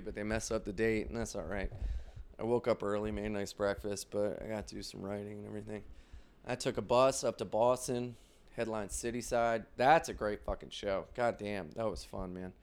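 A stand-up comedian with a smooth, medium-pitched voice tells rambling stories in a casual monologue. He swears a lot, speaks in quick bursts, and acts out quotes.

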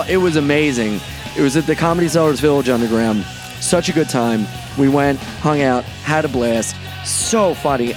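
A man hosting his own podcast, a comedian talking in a brash, profane, excitable monologue. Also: mid-range voice. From Delaware. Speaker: podcast host and stand-up comedian.

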